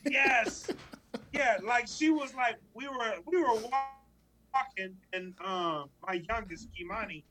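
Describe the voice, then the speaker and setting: High, bright-voiced man swearing freely. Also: a little slow, low-quality recording. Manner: profane, animated storytelling. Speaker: podcast co-host. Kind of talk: casual chat.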